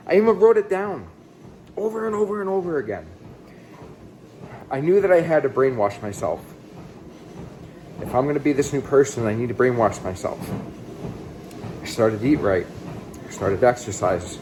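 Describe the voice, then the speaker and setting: A man in his thirties telling his own life story in a blunt, casual way. He swings between excited outbursts and quiet, low asides. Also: moderate pace, pauses often, a little hiss or hum, rough recording. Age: 30s. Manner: blunt and casual, with some swearing. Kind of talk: candid personal storytelling.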